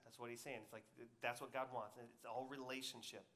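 A man preaching a sermon, swinging between loud emphatic peaks and quiet, intimate asides, and acting out quoted voices in a conversational way. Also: mid-range voice, level tone, fairly quick, hardly any pauses. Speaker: pastor.

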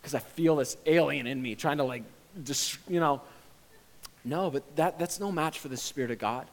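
A male pastor preaching a sermon in a conversational, earnest way that often swells into impassioned shouting. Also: a little high, normal speed, big-room sound.

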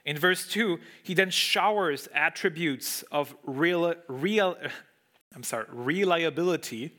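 A man delivers a sermon in English, which is not his first language. His voice is bright and sits slightly high. He explains the text, repeats words for emphasis and puts rhetorical questions to the room. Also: measured pace. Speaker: preacher. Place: room with a congregation.

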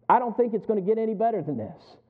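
High voiced pastor preaching in church, folksy, jokey, sounds like a thin phone line. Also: male voice, very animated, fairly quick. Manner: folksy, asks the congregation questions and jokes. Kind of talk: sermon.

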